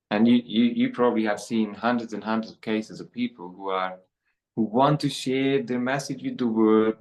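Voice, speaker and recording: A man speaking as a podcast guest, reflective and a little halting as he talks. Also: fairly low pitch, rough recording. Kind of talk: conversational interview.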